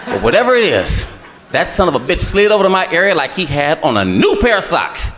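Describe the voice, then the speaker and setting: Male stand-up from Cleveland, loud and lively, slightly high voice, echoing club room. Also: fairly quick, a little hiss or hum. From Cleveland, USA. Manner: loud, brash storytelling, swearing freely. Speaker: stand-up comedian. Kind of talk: stand-up routine. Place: comedy club stage. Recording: long reverb of a comedy hall.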